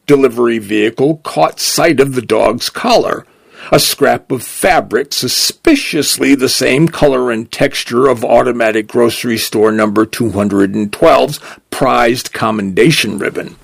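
A man narrating a story in a measured, expressive way. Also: medium pitch, creaky, slightly rough, no echo.

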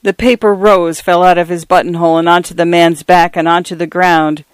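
A man reading a story aloud in a measured, even audiobook narration. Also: sits high, clear, resonant tone, no echo.

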